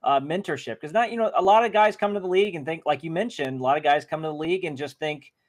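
A man hosting an interview, asking halting questions with restarts and quick affirmations. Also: fairly high pitch. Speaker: interview host.

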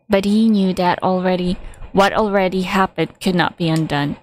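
A woman reading a game's story aloud at a measured pace, now and then stumbling or adding casual asides. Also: fairly low pitch, darkish tone, a little hiss or hum, rough recording. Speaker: reader of game story.

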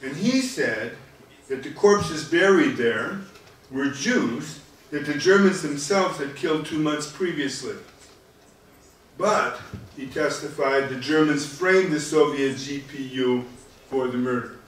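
A man giving a public history lecture, speaking in a measured, halting way with frequent fillers. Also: a little high, fairly bright tone, a little hiss or hum. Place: lecture hall. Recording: echoey hall, mic at a distance.

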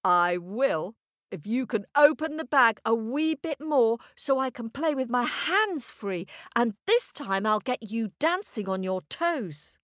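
A bold young boy with a raised, bright voice, cheeky and bargaining, as a woman storyteller puts him on. The recording is dry and close. He speaks in an unhurried way. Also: fairly high pitch, lively intonation, no echo, pitched above the performer's own voice.

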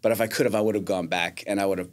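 A man's voice: on the low side, fairly even intonation, rapid-fire. A man, a painter and contractor, telling rambling anecdotes in casual chat and acting out the voices he quotes.

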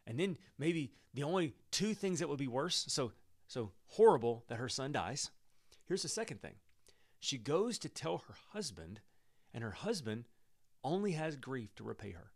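A man teaching through a Bible passage in an emphatic, animated way, with the odd chuckle. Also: mid-range voice, moderate pace.

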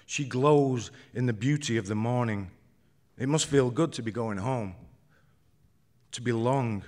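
A man reading his own first-person story aloud on stage at a live event, in a measured, understated way. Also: medium pitch, darkish tone.

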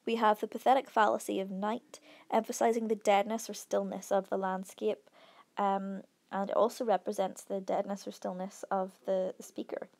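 Woman teacher analysing a poem, gravelly. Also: mid-range voice, little pitch movement, a little mellow. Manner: measured explanatory analysis with fillers and restarts. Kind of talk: analysing a poem on a whiteboard recording.

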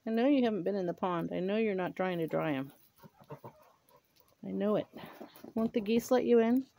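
A woman outdoors in her chicken yard, cooing at and gently scolding her birds as she films them on a handheld camera. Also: mid-range voice, normal speed, vocal fry. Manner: coos and scolds her birds softly, often murmuring. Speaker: vlogger tending her chickens. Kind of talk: casual talk to animals.

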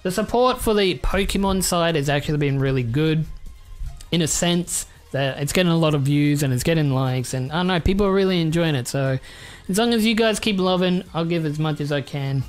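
A young Australian man chatting casually and excitably while opening trading cards, swearing freely and rambling. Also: a little high, brisk, clear, resonant tone, soft background music. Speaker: YouTuber. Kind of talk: casual card-unboxing chat.

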